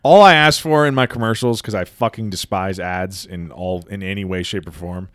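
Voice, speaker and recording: A young man co-hosting a podcast in casual chat, animated, laughing often and swearing. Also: deep voice, normal speed, smooth, dry recording, clean studio sound. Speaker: podcast co-host.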